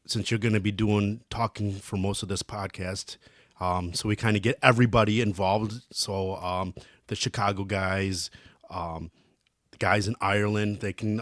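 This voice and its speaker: A man's voice: fairly low pitch, a bit bright, no echo, studio quality. A middle-aged man co-hosting a podcast, telling a story in a rambling, casual way with many ums and restarts. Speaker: podcast co-host. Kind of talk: casual chat.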